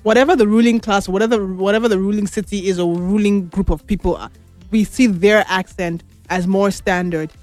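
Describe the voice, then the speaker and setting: A woman hosting a radio talk show, chatty and animated, laughing often and asking questions. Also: medium pitch, dry recording. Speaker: radio host. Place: radio studio.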